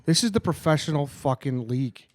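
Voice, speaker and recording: A man's voice: on the high side, animated, a little fast, a little mellow, no echo. Man in blunt sports banter. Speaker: podcast co-host. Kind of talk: casual sports chat.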